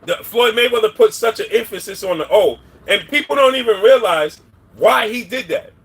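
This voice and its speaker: A man's voice: sits high, animated, moderate pace, fairly bright tone, breathy edge. A man hosting a casual livestream, giving opinions on boxing in a rambling way and greeting viewers by name. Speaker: boxing commentary livestream host.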